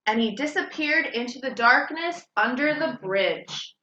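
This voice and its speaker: High, animated woman reading a storybook. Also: a little slow, reverberant, dull audio. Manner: expressive, sing-song read-aloud. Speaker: children's storytime host.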